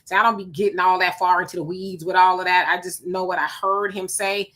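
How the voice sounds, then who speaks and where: A woman hosting a live talk stream, chatting casually and reading viewer comments aloud in an animated way. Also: on the low side, fairly quick. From California. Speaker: live show host.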